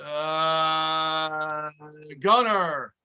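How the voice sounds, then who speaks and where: Frustrated male fan host, bright tense voice, shouted live play-calling rants. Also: a little high, very slow. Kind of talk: live fan reaction commentary.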